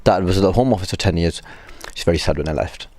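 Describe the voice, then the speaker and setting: A man talks casually as an interview guest, fairly low-voiced and wry, with self-deprecating asides. His voice is recorded close and dry. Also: quick pace, a little mellow, dry recording. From Blackburn, northern England. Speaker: comedian guest. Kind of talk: casual chat.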